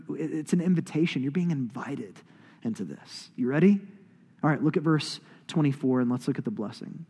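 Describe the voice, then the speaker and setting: A man in his thirties preaching a sermon as pastor, building to loud emphatic peaks and dropping to hushed whispers. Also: fairly high pitch. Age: 30s. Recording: long hall reverb.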